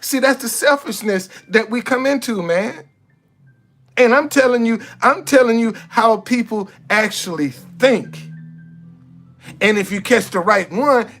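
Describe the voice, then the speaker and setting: A high-pitched man preaches in a sarcastic street monologue. He restarts his sentences over and over, stammering on the same words. Faint music plays underneath. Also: a bit bright. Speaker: street activist vlogger. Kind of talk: impassioned monologue.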